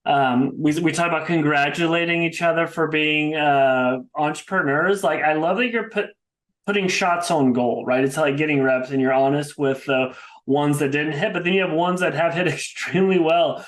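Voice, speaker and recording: A man's voice: fairly high pitch, steady tone, moderate pace. A man hosting a business podcast, asking questions in a casual, friendly way with many fillers. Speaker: podcast host. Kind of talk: casual interview.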